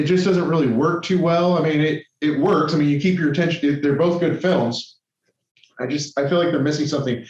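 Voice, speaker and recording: A man co-hosting a casual podcast chat. He rambles, stops himself and restarts his sentences, and he is tired and running on caffeine. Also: a little high. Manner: rambling, self-correcting, many restarts. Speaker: podcast co-host. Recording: roomy, dull lo-fi sound.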